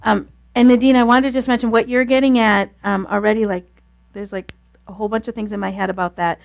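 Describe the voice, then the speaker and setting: A woman leading a class on marriage communication, talking fast and telling stories in a lively, casual way. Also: a little high, vocal fry. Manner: fast-talking, animated storytelling.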